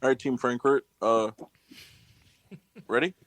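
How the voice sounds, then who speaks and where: A man's voice: medium pitch, steady tone, a little slow, a bit bright, no room sound. A man hosting a trivia game in a casual podcast chat, reading out questions and spelling words. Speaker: trivia quiz host.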